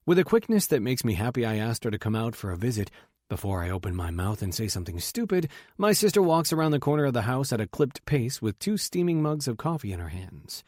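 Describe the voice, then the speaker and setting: Male audiobook narrator, wry and intimate, mid-pitched, dry studio sound. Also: sing-song, a little fast, darkish tone, dry recording. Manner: intimate, wry inner monologue. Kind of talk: scripted first-person narration.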